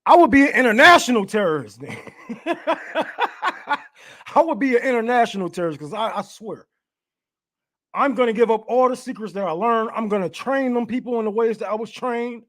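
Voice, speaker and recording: A man's voice: very high-pitched, animated, normal speed, a bit bright. A man giving a casual political rant, profane and heated, laughing often as he talks. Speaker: political commentator.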